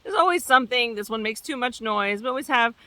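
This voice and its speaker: Woman, property manager, casual storytelling, chatty and animated, bright voice, dry sound. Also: on the high side, fast talker, no echo. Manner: chatty, animated, with fillers and restarts.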